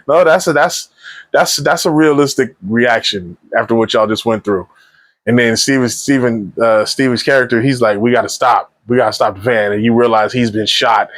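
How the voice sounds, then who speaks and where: A man's voice: mid-range voice, dry recording. Rambling man retelling a movie casually. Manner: rambling, animated retelling with slang and restarts. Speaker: movie reviewer. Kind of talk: casual spoiler movie review.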